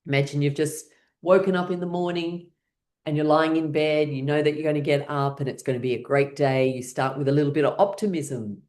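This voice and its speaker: A woman with a somewhat low voice guides a laughter yoga class. She talks in a playful, encouraging way and invites everyone to copy her. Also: steady tone, a little fast, darkish tone. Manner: playful and encouraging, leads by example.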